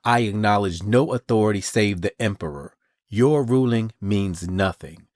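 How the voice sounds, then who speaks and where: A proud young clan leader, a woman who bows to no one, speaks in formal, clipped sentences. A man reads her lines in his own low voice. The sound is dry and close. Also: normal speed, darkish tone, dry recording, lightly acted. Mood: defiant.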